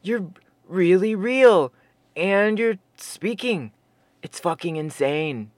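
A man's voice: sits high, expressive, slow, no room sound. A narrator voicing a male forestry worker, stammering and incredulous. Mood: amazed.

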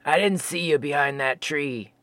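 A narrator doing a low, laid-back Sasquatch stoner. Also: moderate pace, no echo, close to an everyday voice. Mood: mellow. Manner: sheepish, relaxed drawl.

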